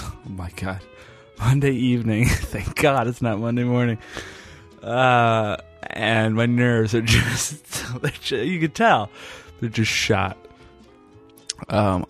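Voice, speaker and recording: A man hosting a podcast in a casual, rambling way, worn out after a long day and pausing often with fillers. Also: fairly low pitch, steady tone, a bit bright, soft background music. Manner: rambling, halting, with frequent fillers. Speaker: podcast host.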